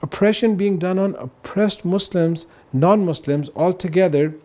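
A man's voice: high-pitched, a little slow, dark tone. A man speaking as a guest on a religious talk show, explaining earnestly and often checking in with "right?" and "you know".

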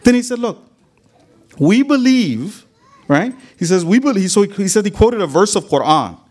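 A man with a high, very lively voice delivers a sermon. He retells a story vividly, acting out the quoted lines, and drops in Arabic religious phrases as he speaks. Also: normal speed. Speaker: religious lecturer.

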